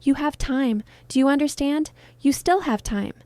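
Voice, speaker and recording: A woman reading as a heartbroken film star in her thirties, soft and pleading in a storybook retelling. The voice sits a little high with a mellow, warm tone. It is close and dry, with no room sound. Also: normal speed, no room sound, close to an everyday voice.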